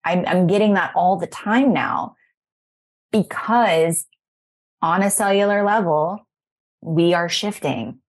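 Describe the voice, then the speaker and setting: A woman in her thirties with a low voice talks as a podcast host. Her chat is effusive and rambling and often emotional. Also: takes it slowly, long pauses. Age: 30s. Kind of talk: casual spiritual chat.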